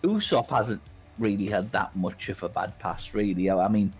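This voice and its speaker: A man's voice: lowish voice, moderate pace, over music. A man co-hosting a podcast, talking casually and stumbling into restarts. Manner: chatty, hesitant restarts, laughs along. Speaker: podcast co-host. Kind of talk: casual chat.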